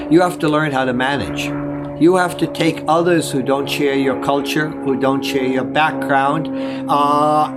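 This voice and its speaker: An older man from Germany, giving discursive advice in an interview and often correcting himself mid-sentence. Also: on the high side. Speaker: guest. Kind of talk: conversational interview.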